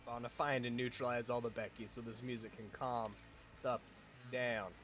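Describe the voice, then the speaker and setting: Male streamer, mid-pitched, upbeat and affectionate, chatting with viewers over gameplay; faint music underneath. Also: normal speed. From Utah, US. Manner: excitable, affectionate, talks to chat. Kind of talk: casual gameplay livestream chat.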